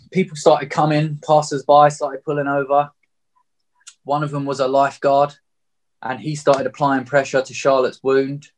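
A young man recounting a story in loose, blunt, casual talk, swearing freely and leaning on filler words. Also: on the high side. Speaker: guest telling a story.

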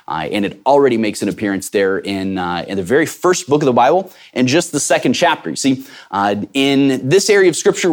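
Middle-aged guy pastor preaching, chatty and emphatic, lots of uhs, normal pitch. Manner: conversational, emphatic, with frequent fillers and restarts. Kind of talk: sermon.

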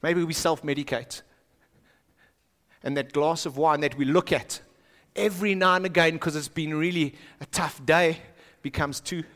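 A South African man preaching a sermon in a church, swinging from hushed lines to shouting. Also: on the high side, fairly even intonation, moderate pace. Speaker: pastor. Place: church auditorium. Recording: long reverb of a large church hall.

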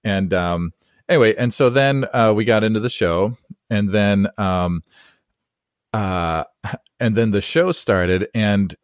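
A pastor hosting a relaxed podcast talk, telling meandering stories in a low, unhurried voice. He chuckles often and circles back on his words. The sound is dry and close. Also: no echo. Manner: rambling storyteller who acts out quotes and laughs easily. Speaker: podcast host and Presbyterian pastor. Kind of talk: conversational interview. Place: San Diego area.

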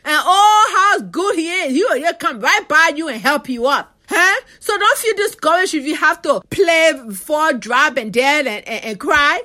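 A woman's voice: very high-pitched, expressive, unhurried, few pauses, bright, forceful tone. A woman preaching a fervent sermon, repeating key phrases and calling out to her listeners for response.

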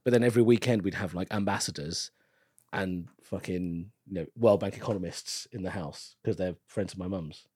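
Man, comedian, podcast guest, storytelling, husky, dry close sound. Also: low-pitched, moderate pace, no room sound. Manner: animated storytelling with frequent laughs. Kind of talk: casual podcast chat.

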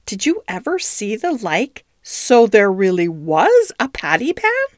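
A woman's voice: mid-range voice, wildly swooping pitch, measured pace, dry recording, clean studio sound. A woman voicing a proper, hospitable female cat in a storybook reading. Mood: brisk.

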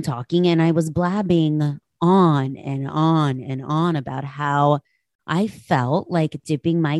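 A woman's voice: low-pitched, darkish tone, dry recording. A woman hosting a podcast, telling a personal story in a candid, reflective way and laughing easily. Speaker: podcast host.

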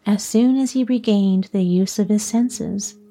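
Slow, husky woman telling a storybook tale. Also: medium pitch, faint music behind. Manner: soft, slow, partly whispered. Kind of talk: storybook narration.

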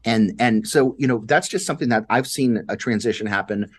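A man's voice: mid-range voice, fairly quick, slightly rough. A middle-aged man co-hosting a podcast, chatting casually and filling his sentences with "you know". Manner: relaxed, conversational, many "you know" fillers. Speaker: podcast co-host. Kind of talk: casual chat.

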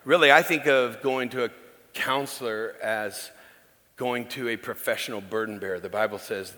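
A middle-aged pastor who preaches in a chatty, candid way and questions his congregation directly. His voice is bright and crisp, carried on the long reverb of a large church hall. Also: mid-range voice, normal speed. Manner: conversational, candid storytelling with the congregation. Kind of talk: sermon.

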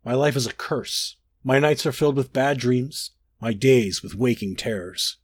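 A man reading a dark first-person fantasy story aloud, brooding and expressive with dramatic rises and drops. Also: medium pitch, a little slow, no room sound. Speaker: narrator.

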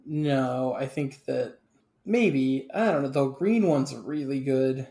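A man's voice: medium pitch, takes it slowly, dark tone. A man co-hosting a casual podcast, making dry joking asides. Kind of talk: casual chat. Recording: roomy echo.

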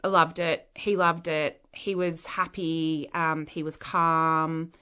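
A woman's voice: low-pitched, level tone, slow, sharp tone, smooth. A woman with an Australian accent, an interview guest telling a personal story in a frank, rambling way with many "like" fillers.

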